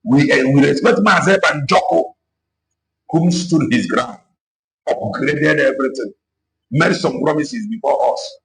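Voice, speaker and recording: A man's voice: fairly high pitch, animated, unhurried, gravelly, poor audio. A man giving an impassioned political talk, switching between Igbo and English and repeating himself to drive points home. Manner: mixes Igbo and English, repetitive, exhorting. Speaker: activist speaker.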